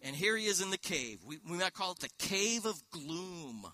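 Bright-voiced male preacher, dry close sound. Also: sits high, sing-song, moderate pace, no echo. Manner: expository preaching with rhetorical questions and quoted scripture. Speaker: pastor. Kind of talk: sermon.

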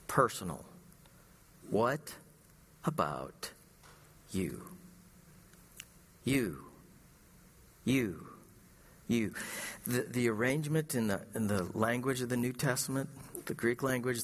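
Emphatic preacher man in a reverberant hall. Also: medium pitch. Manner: emphatic, rhetorical questions, swings between loud and hushed. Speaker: pastor. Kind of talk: sermon.

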